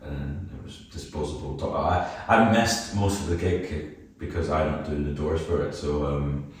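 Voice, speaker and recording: A young man with a broad Edinburgh Scottish accent talks in a rambling, self-deprecating way and laughs often. His voice sits extremely low. It is recorded from some distance in a very roomy, echoey space. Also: fairly even intonation, moderate pace. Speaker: band vocalist guest. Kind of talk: casual podcast chat. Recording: roomy echo, mic at a distance.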